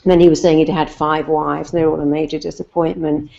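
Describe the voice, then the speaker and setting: A woman's voice: low voice, flat delivery, fast talker, creaky, warm tone, dull audio. A middle-aged English woman, a therapist, giving earnest, emphatic advice through anecdotes and repeating her key phrases. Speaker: therapist guest. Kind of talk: advice and anecdotes in a talk show.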